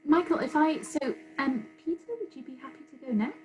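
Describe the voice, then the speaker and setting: A woman's voice: sits high, brisk, a little mellow, faint music behind, rough recording. A woman hosting an online storytime call, speaking politely with hesitant ums. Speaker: host. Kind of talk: casual chat. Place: home via video call.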